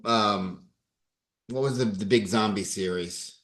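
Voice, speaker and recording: A man's voice: mid-range voice, animated, unhurried. A man with a New York accent, co-hosting a casual podcast chat and rambling as he searches for names and words. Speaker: podcast co-host.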